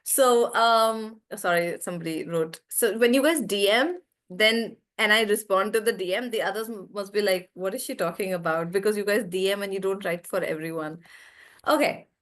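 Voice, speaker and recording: A woman teaching stress in words to students in an online class. She explains patiently and says key words slowly, with the stress marked. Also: mid-range voice, a bit bright. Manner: talks straight to the students. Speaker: English teacher.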